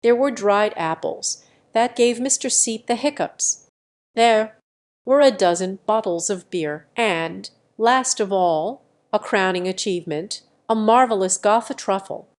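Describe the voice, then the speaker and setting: Female audiobook narrator, unhurried and even, middle pitch; plain literary reading. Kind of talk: scripted narration.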